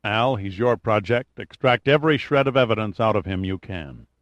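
A man voicing a calm, commanding hero. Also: on the low side, normal speed, dry recording. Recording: dull lo-fi audiobook recording.

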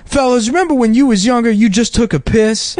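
A man doing an impression of a showy older male stand-up comic, with an exaggerated, loud delivery. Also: very high-pitched, a little fast, dry recording, voice pushed up. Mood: mocking bravado.

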